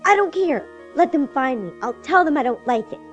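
A woman's voice: high voice, expressive, moderate pace, lo-fi sound, soft background music, voice pushed up. A woman narrator voicing a stubborn, spirited seven-year-old girl who pleads and insists. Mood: insistent.

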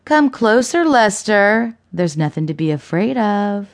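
A cold, vicious woman who swears freely and taunts her victim with contempt, as a woman narrator puts her on. She speaks slowly, dragging out her words with a raised, hard edge. An audiobook thriller performance. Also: mid-range voice, big pitch swings. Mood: menacing. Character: ruthless foul-mouthed woman, cold and vicious.

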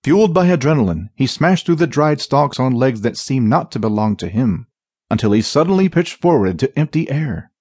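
A man narrating a fantasy audiobook in a dramatic, expressive reading. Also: mid-range voice, normal speed, slightly rough, no room sound, studio quality.

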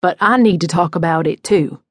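A calm male detective who keeps pressing in a gentle, sympathetic-sounding way, as a woman reader voices him. The tone sits low and even, and the reading is dry and close, with no room around it. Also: brisk, no echo, lightly acted. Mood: persistent. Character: calm, probing adult male police detective.

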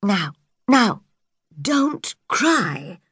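A woman reading an audiobook, voicing a stern, practical older woman who speaks briskly and firmly. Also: a little high, huge pitch swings, slightly rough, dry recording, studio quality, pitched above the performer's own voice, heavily acted. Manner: brisk and firm.

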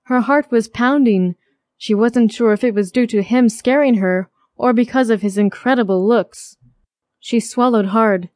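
A woman narrating a romance audiobook with steady, even storytelling. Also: a little high, measured pace, dry recording, studio quality. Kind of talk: scripted narration.

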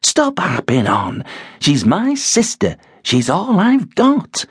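A man voicing an exasperated middle-aged wife who fusses and hushes to keep the peace, in an audiobook. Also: fairly low pitch, huge pitch swings, takes it slowly, slightly rough, no room sound, clean studio sound, pitched above the performer's own voice, full character voice. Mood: pleading. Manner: fussy, hushing.

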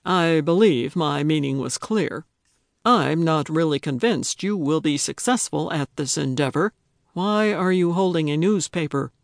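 A woman reading an audiobook, voicing a sardonic, condescending man who speaks deadpan. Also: low-pitched, a little slow, no room sound, studio quality. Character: dry, sardonic grumpy man.

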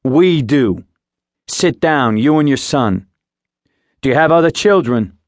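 A man's voice: medium pitch, expressive, slow pace, no room sound, studio quality, pitched above the performer's own voice. A male audiobook narrator voicing a brusque, commanding federal agent. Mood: curt. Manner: curt, commanding. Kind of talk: audiobook character voice.

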